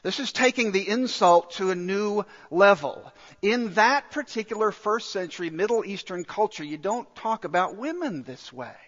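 High-pitched guy preaching, emphatic, lots of repeats, slightly muffled audio. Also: expressive, fairly bright tone, long reverb tail. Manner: emphatic, with repeated phrases and pauses. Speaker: pastor. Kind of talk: sermon.

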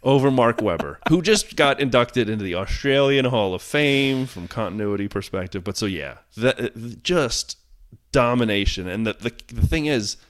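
A man's voice: mid-range voice, expressive, moderate pace. A man co-hosting a casual sports podcast, telling the story with wry, self-mocking jokes. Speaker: podcast co-host.

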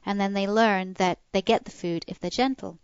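A woman's voice: moderate pace, clean tone, no echo. Woman, podcast co-host, dog training advice, dry dull-sounding recording. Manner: animated, demonstrates commands in a soft low voice.

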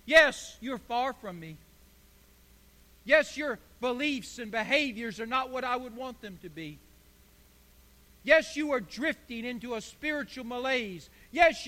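A man preaching a sermon as pastor, emphatic and building to forceful declarations. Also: very high voice. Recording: hall reverb.

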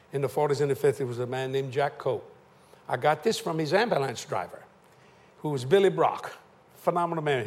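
An older man preaching a sermon, folksy and joking as he tells stories. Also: mid-range voice. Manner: folksy, joking, southern-tinged church talk. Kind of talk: sermon with storytelling and humor.

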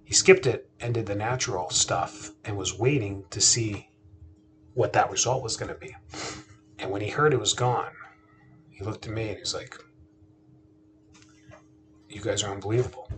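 A man's voice: medium pitch, a little hiss or hum. Chatty man telling a family story. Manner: chatty, repeats and restarts, asks listeners rhetorical questions. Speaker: podcast host. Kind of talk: casual storytelling monologue.

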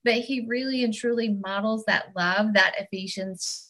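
A woman's voice: mid-range voice, steady tone, normal speed, a bit bright. A woman giving a personal faith testimony, earnest and heartfelt, sometimes restarting her words. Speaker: church member giving testimony.

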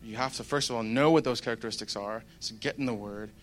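A man's voice: mid-range voice, fast talker, faint music behind. A young man giving a casual devotional talk, rambling and conversational with plenty of fillers. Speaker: Christian speaker.

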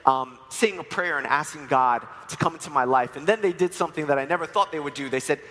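A New York man in his forties delivers a sermon in a church sanctuary, sharing personal stories with playful humor. His voice is a little high, fast, pushed and bright, and the recording carries the long reverb of a church hall.

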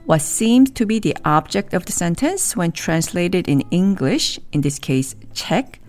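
A woman teaching a language lesson, explaining grammar in measured, clear scripted narration and repeating example sentences slowly. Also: lowish voice, very animated, darkish tone, faint music behind.

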